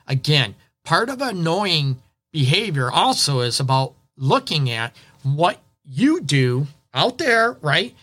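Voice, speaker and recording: Guy counselor chatting through relationship tips, keeps saying right?, fairly high bright voice. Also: very animated, measured pace. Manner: chatty, repeats "right?", acts out little quotes. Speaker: relationship counselor and show host. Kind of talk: casual advice talk.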